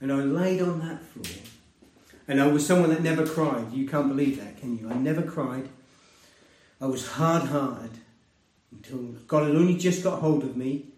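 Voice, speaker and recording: Earnest male preacher in a roomy space. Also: normal speed. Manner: earnest, conversational, swinging between loud emphasis and hushed lows. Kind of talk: sermon with personal testimony. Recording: roomy, distant mic.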